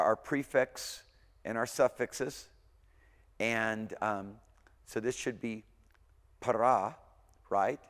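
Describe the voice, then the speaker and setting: A man giving a language lecture, chatting casually, sounding out words slowly and often checking in with okay. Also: lowish voice, long reverb tail. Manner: conversational, repeats words slowly for pronunciation, frequent okays. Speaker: Hebrew instructor. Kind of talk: recorded university lecture.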